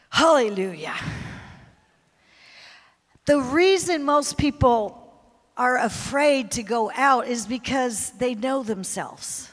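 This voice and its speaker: A woman missionary preacher telling a confessional story in a sermon, swinging from hushed to loud. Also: a little high, expressive, slow pace, long pauses. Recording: long hall reverb.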